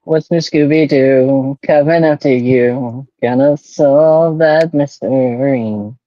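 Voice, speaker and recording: A woman's voice: extremely low pitch, slow, dry recording, dull audio. A woman, a player in a tabletop role-play game, teasing the others and laughing between jokes. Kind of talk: casual tabletop game chat.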